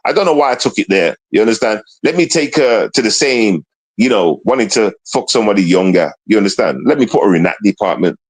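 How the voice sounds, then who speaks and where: A man's voice: lowish voice, expressive, fast, breathy edge. A man streaming a ranting monologue, repeating himself and firing taunting rhetorical questions at an absent woman.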